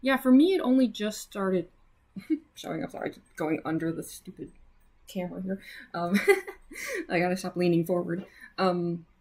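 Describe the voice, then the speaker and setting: A woman's voice: fairly low pitch, lively intonation, moderate pace, pauses often, a little mellow. A young woman streaming live as she draws, chatting casually with viewers, full of fillers and little laughs. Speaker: livestreaming artist. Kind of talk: casual livestream chat.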